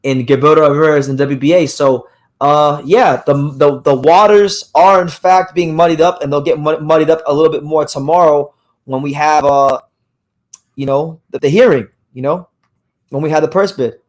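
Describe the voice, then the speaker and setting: A man with a slightly high voice, hoarse today, hosts a live boxing news stream. He talks loosely and casually, circling back on his words with lots of fillers and restarts as he runs through fight news. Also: fairly even intonation, moderate pace. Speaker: boxing podcast host.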